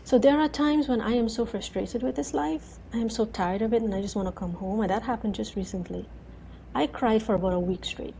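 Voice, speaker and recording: A woman in her thirties, a guest in an interview, telling her story in an animated way, full of repeated "and"s and acting out her own words. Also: a little high, fairly quick, vocal fry, slight background noise, poor audio. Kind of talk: conversational interview.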